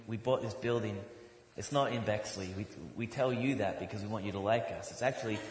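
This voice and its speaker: A middle-aged American man preaching a sermon as pastor, joking and rising to loud mock outrage. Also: mid-range voice. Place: church sanctuary. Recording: echoey hall, long reverb.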